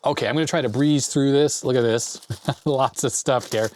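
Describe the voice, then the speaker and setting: A forties-aged channel host from Canada unboxes vintage parts from his mail call in a home basement workshop, rambling cheerfully with tech digressions. His mid-range voice is steady and darkish at a moderate pace, with a little hiss or hum.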